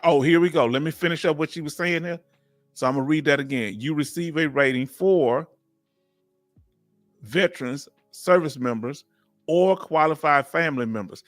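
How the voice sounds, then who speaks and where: A man's voice: fairly high pitch, expressive, moderate pace, pauses often, dry recording, studio quality, faint music behind. Emotional man hosting a live chat. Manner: warm, emotional, talkative, Southern US vernacular. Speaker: livestream host. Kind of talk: casual live chat, reading comments aloud.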